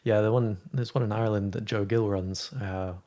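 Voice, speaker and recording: A man's voice: fairly low pitch, steady tone, normal speed, dark tone. A man from South Africa hosting a live chat show, chatty and full of restarts, laughing easily. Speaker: host. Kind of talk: casual chat.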